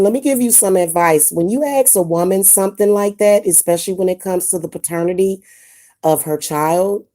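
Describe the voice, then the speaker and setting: A woman's voice: lowish voice, dark tone. A woman vlogger ranting casually to her viewers, blunt and indignant, often repeating herself. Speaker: spiritual advice vlogger. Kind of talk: casual ranting monologue to camera.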